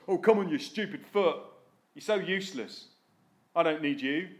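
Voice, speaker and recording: A man's voice: a little high, moderate pace, lightly acted. A man voicing a talking hand that scorns the foot in a sermon illustration. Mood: scornful. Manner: contemptuous, dismissive.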